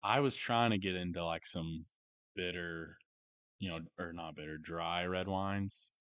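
A man's voice: low voice, steady tone, measured pace, fairly bright tone, dry recording. A young man co-hosting a podcast, chatting casually and laid-back with friends. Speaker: podcast co-host. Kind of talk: casual chat.

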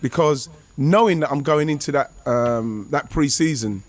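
A former footballer, telling a rambling, excitable anecdote over a remote call. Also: male voice, fairly high pitch, normal speed. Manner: rambling, excitable, many restarts and fillers. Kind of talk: casual anecdote on a podcast.

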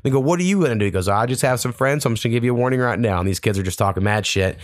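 A man's voice: fairly low pitch, rapid-fire, dry recording, studio quality. A man hosting a podcast, telling long casual stories full of swearing. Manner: profane, rambling storyteller. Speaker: podcast host. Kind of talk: casual chat.

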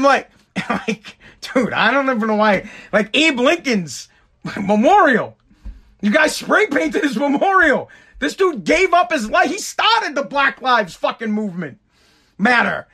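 A man from the United States delivers an exasperated, profanity-heavy rant straight to camera. His voice sits high for a man, and he repeats words as he pushes his point. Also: sharp tone. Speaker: vlogger. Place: Boston.

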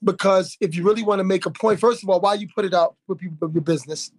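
A man hosting a podcast, telling a story in a lively way, acting out quotes with plenty of fillers and restarts. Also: high voice, fast talker, no room sound. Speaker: podcast host. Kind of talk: casual podcast conversation.

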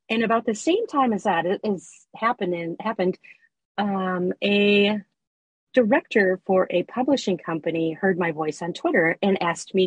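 Chatty husky woman, erotica narrator guest. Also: mid-range voice, no room sound, low-quality recording. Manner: chatty, animated storytelling with fillers and laughs. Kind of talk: casual interview chat.

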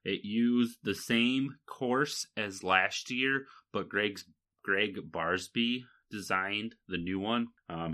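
Deep-voiced rambling podcast co-host man. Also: pushed and bright. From Michigan, USA. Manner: rambling, lots of fillers and laughs. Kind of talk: casual chat.

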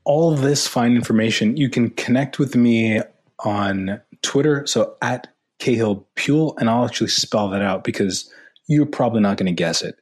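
Husky-voiced podcast guest. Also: male voice, mid-range voice. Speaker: podcast guest, author and consultant. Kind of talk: casual podcast interview.

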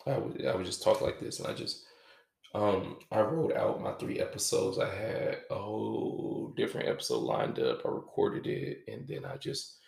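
Male podcast host, deep and very gravelly, halting and reflective, echoey room. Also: big pitch swings, darkish tone. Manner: halting, reflective, casual with swearing. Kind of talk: confessional podcast monologue.

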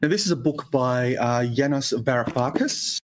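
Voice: mid-range voice, normal speed, background noise. A co-host giving tech reviews in a dry, joking casual manner. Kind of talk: casual chat.

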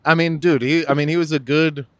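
A man co-hosting a casual podcast, swearing freely and rambling from point to point. His voice sits at an ordinary pitch, and the recording is dry and close, with no room sound. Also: fairly quick, no echo. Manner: profane, rambling, animated. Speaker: podcast co-host. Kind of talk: casual political chat.

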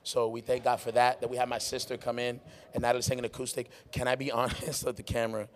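A man's voice: medium pitch, quick pace, slight background noise. A man hosting a casual live podcast in a warehouse-style venue after a worship show, rambling and laughing, with his voice nearly gone. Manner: excitable, laughs a lot, rambling. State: losing his voice. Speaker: podcast host and worship musician. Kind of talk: casual chat.

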